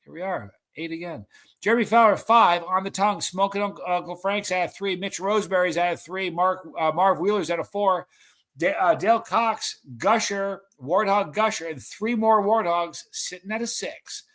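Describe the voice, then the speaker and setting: A man hosting a live stream, reading viewer comments aloud and calling out excited countdowns. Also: high voice, normal speed.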